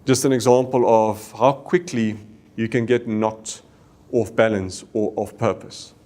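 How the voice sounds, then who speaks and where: A man's voice: fairly low pitch, fairly even intonation, unhurried, mellow. South African man telling a story. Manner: earnest storytelling with Afrikaans exclamations. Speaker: business leader. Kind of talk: leadership talk.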